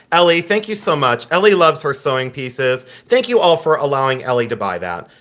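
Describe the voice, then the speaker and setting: A man's voice: fairly high pitch, fairly bright tone. Chatty man hyping a live online sale. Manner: chatty, joking, greets viewers by name; breezy, enthusiastic hype. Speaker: live-stream auction seller. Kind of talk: live online sales pitch.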